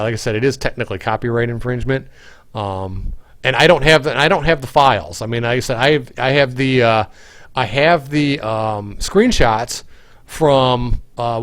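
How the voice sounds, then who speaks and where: A man's voice: mid-range voice, no room sound. A man hosting a casual livestream, answering viewer questions in a rambling way with many fillers and restarts, tired and yawning. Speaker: game developer hosting a livestream.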